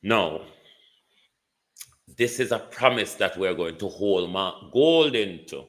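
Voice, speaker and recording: A man's voice: low-pitched, animated, slow, a bit bright. A man with a Jamaican accent giving live political commentary, taunting and rhetorical, often asking "hmm?".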